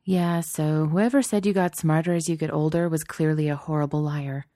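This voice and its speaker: A woman reads a tough young woman, blunt and sarcastic, who swears easily. The voice stays low and dark, close to her narrating voice, recorded dry and close. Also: fairly even intonation, moderate pace, no room sound, close to an everyday voice. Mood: self-mocking. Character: tough, fierce, self-mocking young woman smoker.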